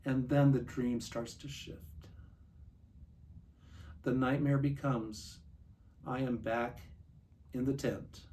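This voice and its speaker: A man in his sixties giving an earnest personal recovery testimony, confiding and slowing down for vivid details. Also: medium pitch, little pitch movement, warm tone. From Montana. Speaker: recovery speaker. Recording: distant mic, faint room noise.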